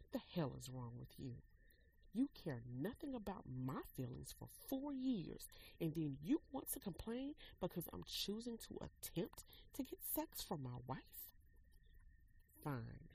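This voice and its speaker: A woman's voice: low-pitched, creaky, mellow, slight background noise, full character voice, rough recording. A woman reading a story aloud, voicing a stern, blunt husband who speaks coldly and demands what he wants. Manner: cold, demanding.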